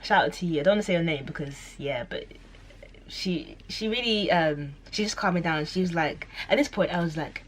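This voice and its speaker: A woman's voice: a little fast, a little hiss or hum. A young woman telling a story to camera in a chatty, rambling way, full of fillers and self-corrections. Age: young adult. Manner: acts out quoted voices with sudden high squeals. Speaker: vlogger.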